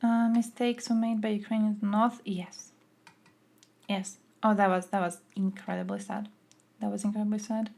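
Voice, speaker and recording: A woman's voice: medium pitch, flat delivery, normal speed, vocal fry, darkish tone. A young woman from Croatia, streaming and giving blunt, profane, sarcastic political commentary. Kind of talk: casual ranting commentary.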